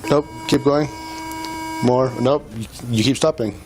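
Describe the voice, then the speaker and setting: A man's voice: medium pitch, measured pace, loud music behind the voice. A male police officer at a roadside traffic stop, patiently repeating coaching commands, recorded on a body camera. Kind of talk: giving instructions at a traffic stop. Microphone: body-worn camera. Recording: noisy body cam audio.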